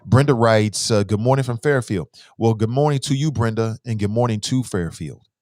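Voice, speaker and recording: A man's voice: lowish voice, moderate pace, a little mellow, dry recording, clean studio sound. A man hosting a call-in talk show. He speaks in a loose, blunt way, using slang and swearing, and he reads listener messages aloud. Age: adult with children. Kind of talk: casual opinionated talk show commentary.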